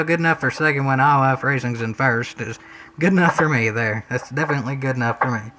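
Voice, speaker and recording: Bright-voiced Southern country man rambling. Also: medium pitch, slight background noise, rough recording. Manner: rambling, folksy, says "y'all" and "ain't". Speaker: racing game commentator. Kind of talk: casual gameplay commentary.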